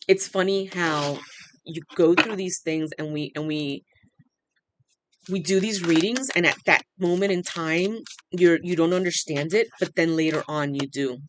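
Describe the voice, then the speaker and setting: An earnest tarot reader talks through a channeled reading, repeating phrases and pausing often as if moved. The voice sits at an ordinary middle pitch and sounds emotional throughout. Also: expressive, a bit bright, a little hiss or hum. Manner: emotional, says they are overwhelmed.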